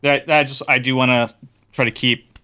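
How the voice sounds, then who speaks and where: Bright, smooth-voiced hesitant player. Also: male voice, mid-range voice, fairly even intonation, moderate pace. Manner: hesitant, thinking aloud. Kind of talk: tabletop game play.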